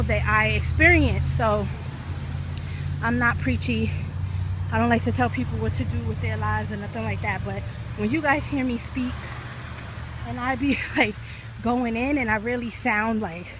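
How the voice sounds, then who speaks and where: Woman vlogger, slightly high voice, a bit winded, rambling and passionate, noisy outdoor phone recording. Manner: passionate, rambling, lots of "like" and "you know". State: a little out of breath from walking uphill. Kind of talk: casual vlog talk. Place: outdoors, walking in hot weather.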